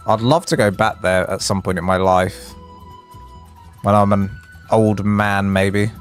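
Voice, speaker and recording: A chatty English man streams a building game live, rambling through stories and reactions to chat. His voice leaps up in pitch whenever something excites him. Faint music plays under his talk. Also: unhurried. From England.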